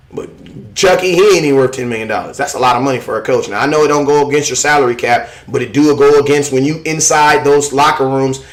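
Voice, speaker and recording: Rambling, animated young man fan commentator. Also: mid-range voice. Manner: rambling, animated, slangy, often repeats "you know what I'm saying". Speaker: sports streamer host.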